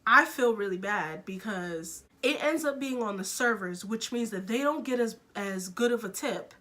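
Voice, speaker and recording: A woman's voice: fairly high pitch, moderate pace, hardly any pauses, pushed and bright. A young woman telling a storytime vlog, frank and exasperated, with sudden bursts of speed. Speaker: vlogger.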